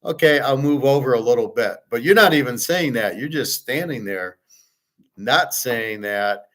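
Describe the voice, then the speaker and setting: A man's voice: medium pitch, expressive, normal speed, fairly bright tone. Blunt, cursing man telling a story. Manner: blunt, profane, rambling with restarts. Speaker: show host. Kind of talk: casual storytelling monologue.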